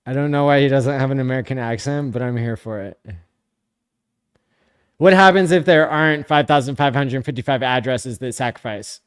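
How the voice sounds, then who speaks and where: A man hosting a live stream, reading viewer comments out loud in a blunt, sarcastic, casual way. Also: medium pitch, moderate pace, clear, resonant tone. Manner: blunt, sarcastic, profane, often laughing.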